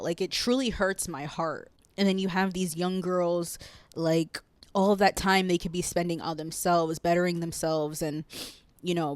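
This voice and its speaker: A young woman hosts a solo podcast in a lowish voice, earnest and rambling as she makes her point. She swears casually and sounds choked up. The sound is dry and close, with no room around it. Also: dry recording. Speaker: podcast host.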